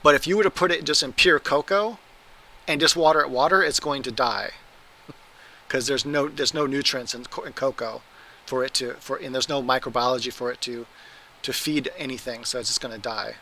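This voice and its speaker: A man's voice: mid-range voice, steady tone, moderate pace, bright, forceful tone, slight background noise, low-quality recording. A man hosting a casual livestream, answering viewer questions in a rambling, self-correcting way. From Oregon, US. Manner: rambling, self-correcting, laughs at his own mistakes.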